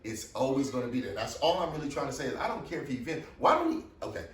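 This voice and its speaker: Blunt, animated middle-aged man, roomy echo. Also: medium pitch, fast talker. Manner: blunt, profane storyteller, animated. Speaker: guest, father of the host. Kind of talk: casual podcast chat. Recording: roomy echo, distant mic, faint noise.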